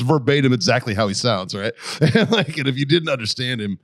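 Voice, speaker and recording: A man's voice: medium pitch, animated, brisk, hardly any pauses, no room sound, studio quality. A man co-hosting a podcast who tells joking, profane stories in casual chat. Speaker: podcast co-host.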